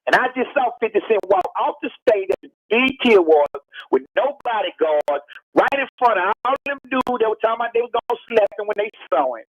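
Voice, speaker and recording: A man's voice: sits high, animated, fairly quick, dry recording. A man, calling in to a radio show over the phone and lecturing emphatically, repeating his points. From Texas. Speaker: rapper on a radio call-in. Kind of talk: heated radio phone interview. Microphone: telephone. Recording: muffled phone-line audio.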